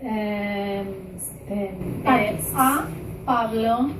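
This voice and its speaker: A woman teaching a recorded English grammar lesson, talking slowly with frequent fillers and "okay?" checks. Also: medium pitch. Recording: echoey room, distant mic, faint noise.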